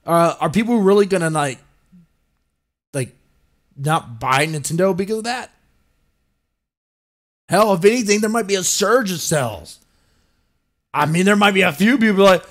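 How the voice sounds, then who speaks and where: A man's voice: a little high, lively intonation, normal speed, long pauses. A man hosting a podcast, ranting and swearing and mocking the people he quotes in put-on voices. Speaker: podcast host. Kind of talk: ranting commentary.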